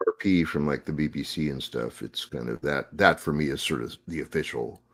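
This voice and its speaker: A man with a West Coast American accent, co-hosting a live coding Q&A in jokey, chatty casual talk. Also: very deep voice. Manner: jokey, chatty, quick to laugh. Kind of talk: casual chat.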